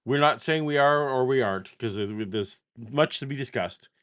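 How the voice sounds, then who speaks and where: A man's voice: medium pitch, normal speed, a bit bright. A man co-hosting a casual live stream, chatting loosely with his partner. He thanks viewers and teases what comes next in a friendly, easygoing way. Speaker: co-host. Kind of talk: casual chat.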